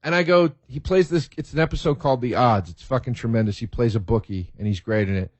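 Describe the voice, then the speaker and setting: Man, podcast host, casual storytelling, swears a lot, excitable, laughs mid-sentence, average pitch. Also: quick pace, no echo.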